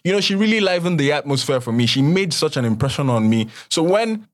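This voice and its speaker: A man's voice: fairly high pitch, sing-song, fast. A young man, a podcast guest chatting casually and praising his friend with many restarts. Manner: warm, effusive praise with frequent restarts. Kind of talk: casual chat.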